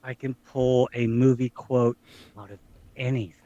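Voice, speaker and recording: A man's voice: medium pitch, steady tone, moderate pace, dark tone, no room sound, highs cut off. Chatty man, dry close sound. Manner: chatty, jokey, quotes films. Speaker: podcast co-host. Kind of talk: casual chat.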